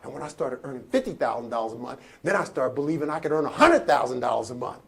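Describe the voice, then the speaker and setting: A man giving a motivational speech who tells a story in a preacherly style, calls for answers from the audience and builds to shouting. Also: medium pitch, expressive, fast, vocal fry. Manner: preacherly storytelling with call-and-response. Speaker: motivational speaker.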